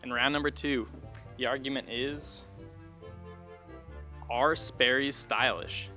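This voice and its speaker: A man's voice: mid-range voice, steady tone, takes it slowly, bright, forceful tone, soft background music. A teenage boy hosting a comedy debate contest, with an upbeat, announcer-like delivery. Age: teens. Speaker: host of a debate game.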